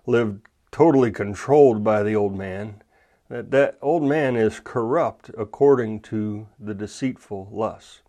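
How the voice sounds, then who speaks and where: A male pastor delivers a Bible sermon in a low voice. He tells stories and reads scripture in a measured way, leaning hard on key words. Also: darkish tone. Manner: measured, emphatic scripture reading.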